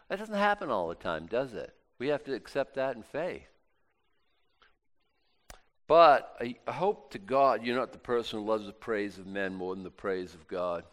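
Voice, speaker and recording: A man's voice: lowish voice, expressive, moderate pace. A man preaching a sermon, reading scripture and talking it through in an emphatic, conversational way with frequent restarts.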